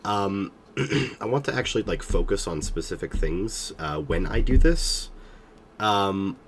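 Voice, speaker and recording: A man's voice: fairly low pitch, expressive, a little slow, a little hiss or hum. A young man streaming a game, talking casually and rambling with many hesitations, sounding sick and tired. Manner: rambling, hesitant, self-deprecating. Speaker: gaming streamer.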